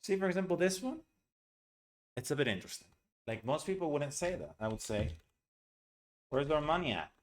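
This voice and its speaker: A man's voice: a little high, animated, fairly quick, long pauses. A man teaching English pronunciation in an online lesson, talking casually and bluntly and checking in with "right?" as he explains. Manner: chatty, with frequent "right?" and "okay?"; blunt, opinionated asides.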